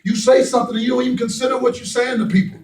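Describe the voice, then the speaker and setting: In a church sanctuary, a pastor preaches very fast with an extremely high, steady, slightly mellow voice, keeping it folksy and full of playful jokes. The room is echoey and the mic sits far off. The congregation responds audibly in the background.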